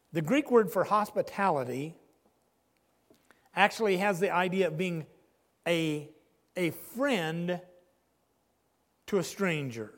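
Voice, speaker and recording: A man preaching a sermon, earnest, pausing often and dropping low on key phrases. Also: long reverb tail.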